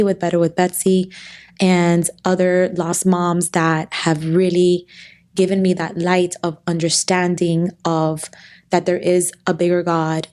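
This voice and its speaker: A woman guest in an interview, talking earnestly and at times tearfully about loss and faith, with halting restarts. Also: lowish voice, a little mellow. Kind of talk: emotional interview conversation.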